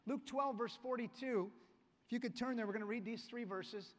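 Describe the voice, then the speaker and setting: Male pastor, very high pitch, relaxed storytelling sermon, reverberant sanctuary. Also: moderate pace. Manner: conversational, storytelling preaching. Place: church sanctuary. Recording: long reverb of a church hall.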